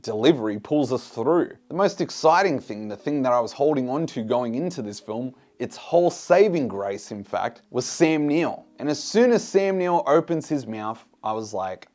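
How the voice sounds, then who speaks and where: A man's voice: medium pitch, expressive, moderate pace, few pauses, darkish tone. A man giving a casual film review in a blunt, exasperated way, swearing freely.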